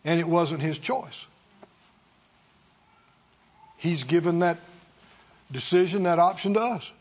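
A man's voice: a little high, moderate pace, a little mellow, dull audio. A man preaching a sermon in a church, with emphatic, repetitive call-and-response delivery. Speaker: pastor.

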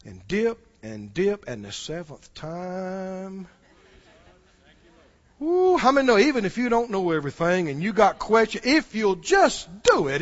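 A man preaching a sermon, moving from hushed storytelling to shouted exhortation and chuckling as he goes. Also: sits high, very animated, moderate pace, highs cut off.

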